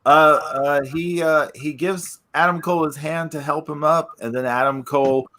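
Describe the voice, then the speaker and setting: Bright-voiced man recapping with many fillers. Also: on the high side, fairly even intonation, moderate pace. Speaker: podcast co-host. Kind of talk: casual podcast chat.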